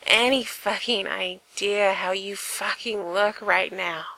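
A man's voice: sits high, steady tone, takes it slowly, bright, forceful tone, no echo, heavily acted, poor audio. A woman voicing an eager young man who swears and breaks off mid-sentence in a romance story reading. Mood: hushed.

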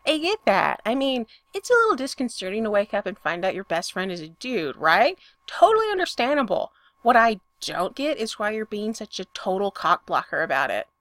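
A woman voicing a brash young woman rocker who talks loud, exasperated and profane. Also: mid-range voice, sing-song, moderate pace, few pauses, no room sound.

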